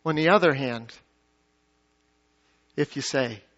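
A male pastor preaching to his congregation, swinging from emphatic peaks to quiet low asides and asking the crowd questions. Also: takes it slowly. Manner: dynamic preaching, rising to emphatic peaks then dropping low. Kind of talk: sermon. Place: church sanctuary. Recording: dull lo-fi sound.

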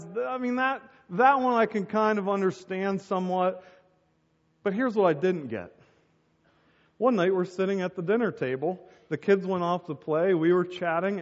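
High-voiced preacher in an echoing hall. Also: male voice, muffled recording. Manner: storytelling with acted-out voices. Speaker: pastor. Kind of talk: sermon.

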